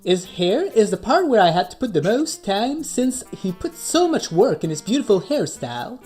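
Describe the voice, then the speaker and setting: A cheeky co-host with a British accent. The voice is husky, with pitch that swings about. Faint music plays behind it. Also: female voice, sing-song, normal speed, warm tone. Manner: cheeky and full of slang.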